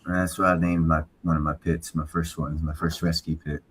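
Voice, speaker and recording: A man's voice: rumbling low, flat delivery, moderate pace, breathy edge. A man chatting on a casual livestream, blunt and opinionated, swearing freely.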